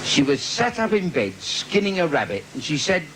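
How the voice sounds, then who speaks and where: Cheeky London comic on a noisy stage. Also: male voice, a little high, sing-song, moderate pace. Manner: cheeky, bawdy banter with the crowd, laughing at his own jokes. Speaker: stand-up comedian. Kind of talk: live comedy club routine. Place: live theatre with audience. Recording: noisy 1980s live video.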